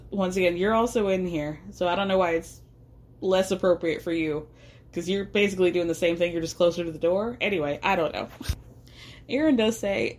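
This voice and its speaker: A woman hosting a podcast, recapping a reality show in casual commentary. She talks chattily, says "like" a lot, asks rhetorical questions and laughs often. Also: medium pitch. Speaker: podcast host.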